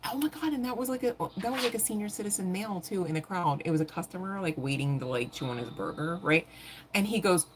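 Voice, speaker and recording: A woman giving a live tarot reading in a casual, animated way, swearing freely and laughing often. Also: fairly low pitch, fast, a little hiss or hum. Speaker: tarot reader.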